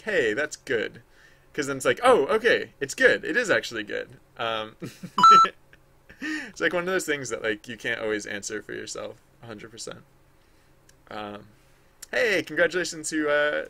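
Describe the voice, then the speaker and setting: A man's voice: medium pitch, creaky, sharp tone. A man live-streaming while drawing, chatting casually in a rambling, self-mocking way with many fillers and frequent laughs. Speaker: live-streaming digital artist.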